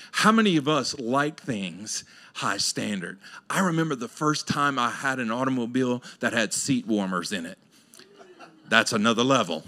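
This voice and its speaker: A middle-aged man preaching a sermon, animated and colloquial, swinging between loud high exclamations and quiet low asides. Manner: colloquial, acts out listeners' voices, laughs often. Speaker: pastor. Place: church sanctuary.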